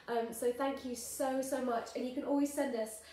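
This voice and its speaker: A woman leading a children's music class, speaking and singing rhymes brightly for little ones. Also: high voice, steady tone, normal speed, a little hiss or hum. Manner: cheery, sings and chants rhymes for little ones. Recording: echoey room with guitar.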